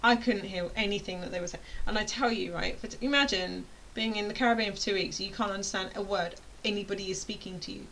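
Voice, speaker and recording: Talking fast with few pauses, this British online tutor gives a casual explainer in a mid-range, slightly bright voice. She's rambling and playful, often interrupting herself, and the rough recording has a faint hiss behind her.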